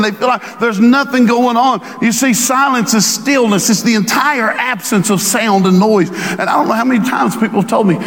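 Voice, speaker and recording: Male pastor preaching, very high voice, long reverb of a church hall, dramatic slowdowns and shouts. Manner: preaching with emphatic shouts and drawn-out slow lines. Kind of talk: sermon.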